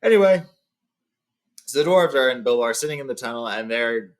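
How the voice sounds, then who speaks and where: A man's voice: medium pitch, animated, brisk. A man reading a novel aloud, switching between reading and casual summaries with fillers. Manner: reads, then sums up casually with fillers. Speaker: reader. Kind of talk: book read-along with casual summaries.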